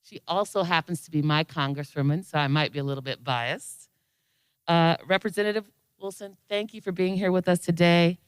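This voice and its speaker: A woman's voice: on the low side, steady tone, a little fast, clean tone, no echo. A woman hosting a roundtable, reading a formal prepared introduction of a speaker. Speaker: event host introducing a speaker. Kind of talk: speech at a community roundtable.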